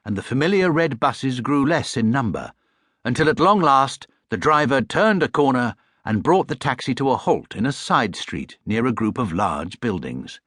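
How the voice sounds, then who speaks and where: An English man reads a children's story aloud in a warm, expressive way, and his pitch moves a great deal. It is a close studio recording with no room sound at all. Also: moderate pace, slightly rough, no room sound. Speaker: audiobook narrator. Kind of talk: scripted narration. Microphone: studio mic.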